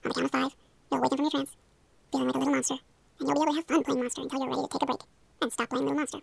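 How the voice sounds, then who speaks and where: A young woman guides a playful hypnosis role-play in a high, heavily fried, gravelly voice. She talks quickly, coaxing and encouraging the listener along, with a dry, close sound. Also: little pitch movement, no room sound.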